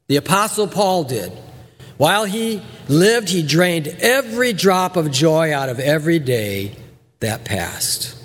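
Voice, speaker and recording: A male pastor preaching a sermon with animated delivery, acting out voices and repeating words for emphasis. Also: on the high side, big-room sound.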